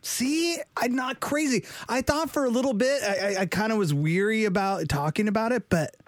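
A man's voice: high voice, normal speed, no room sound. A man co-hosting a podcast in casual chat, joking and often restarting his sentences. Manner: jokey, stammering restarts.

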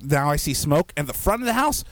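A man casually telling an anecdote among friends, animated and swearing as he acts out the people in it. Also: fairly high pitch, fairly quick. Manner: animated, swearing, acting out voices. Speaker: storyteller.

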